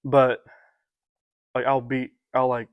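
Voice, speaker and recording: A young man with a mid-pitched voice talks easily on a podcast, loose and profane, often filling with "like" and "dude." The recording is dry and close-miked. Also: monotone, slow pace, clean tone, no room sound, highs cut off. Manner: laid-back, profane, says dude and like a lot. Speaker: podcast co-host. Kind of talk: casual chat.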